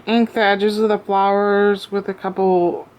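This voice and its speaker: A woman showing off a craft piece she made, talking out of breath, with many pauses and ums, recorded on a camera on a tripod at home. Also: medium pitch, little pitch movement, darkish tone. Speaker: crafter showing her work. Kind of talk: casual show-and-tell.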